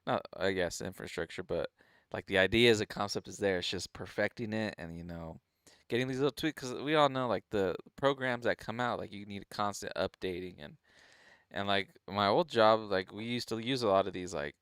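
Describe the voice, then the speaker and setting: Low smooth-voiced young man, laid-back chat. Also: fairly quick, a bit bright, dry recording, studio quality. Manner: laid-back, full of "like" and "you know". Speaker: podcast co-host. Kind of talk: casual chat.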